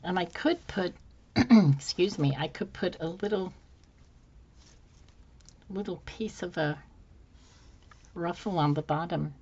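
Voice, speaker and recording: Slow, soft-spoken woman crafting. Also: fairly low pitch, slightly rough, lo-fi sound. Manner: soft-spoken, musing aloud while working. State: slightly hoarse, losing her voice. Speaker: craft channel host. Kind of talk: casual craft tutorial chat.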